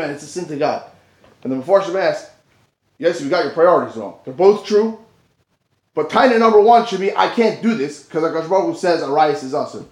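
High-voiced animated man teaching Torah. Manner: animated, dips low for asides and rises for emphasis. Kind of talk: Torah class. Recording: roomy echo.

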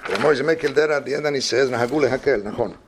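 A man's voice: medium pitch, racing, slight background noise. A man teaching a halachic study class, rambling and weaving Hebrew and Yiddish terms into his explanations.

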